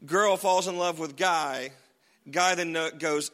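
A man's voice: on the high side, fairly even intonation, normal speed, fairly bright tone. A man preaching a sermon in a casual, conversational way, with jokes and frequent asides to the congregation. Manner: conversational, humorous, frequent tag questions. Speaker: pastor.

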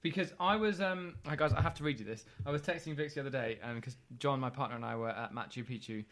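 A man co-hosting a casual podcast, chatty and jokey, telling stories with animated asides. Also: mid-range voice, fast talker. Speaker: podcast co-host.

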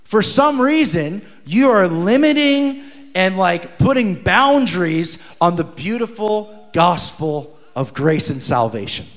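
A man with a high, bright voice preaches in a church sanctuary, and his words ring through a long hall reverb. He swings between loud, emphatic calls and quiet, drawn-out asides, and he acts out the people in his stories. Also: sing-song. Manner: dynamic preaching, rising to shouts and dropping to hushed asides; acts out quoted voices in conversation. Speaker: pastor. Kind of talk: sermon.

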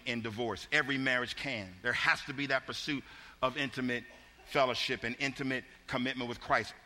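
A man's voice: medium pitch, sharp tone, big-room sound. A man preaching a sermon, telling a folksy story with frequent restarts and repeated words.

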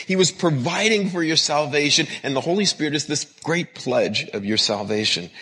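A man preaches a sermon in an earnest, repetitive cadence, drawing on his work as a counselor. His voice is bright and forceful with a husky edge. It rings out through the long reverb of a large hall. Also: fairly high pitch. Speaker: pastor and counselor.

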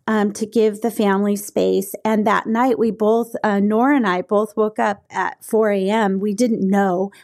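A woman's voice: mid-range voice, creaky, darkish tone. A middle-aged woman hosting a podcast, telling a personal story earnestly, with many fillers and restarts. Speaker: podcast host.

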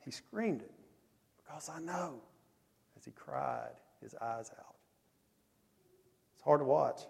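A man preaching a sermon, telling stories in a lively, conversational way. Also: mid-range voice, slow pace, creaky. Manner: animated, conversational storytelling with lively swings in loudness. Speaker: pastor. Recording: long echo of a large hall.

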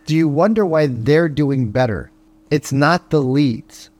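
In this motivational podcast monologue, a sales coach with a slightly high, slightly mellow voice keeps asking punchy rhetorical questions and ending points with "right?". He also plays out phone calls using quick character voices.

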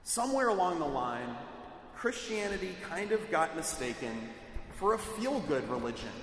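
High-voiced preacher in an echoing church. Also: male voice, big pitch swings, fairly bright tone. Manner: measured, emphatic delivery with dramatic quoted speech. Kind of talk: sermon. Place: church sanctuary. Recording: echoey hall, mic at a distance.

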